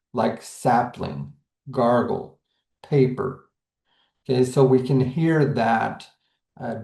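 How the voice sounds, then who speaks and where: Slow, gravelly man teaching. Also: medium pitch, mellow, roomy sound. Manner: deliberate, with filler uhs and okays. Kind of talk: slow explanatory lecture.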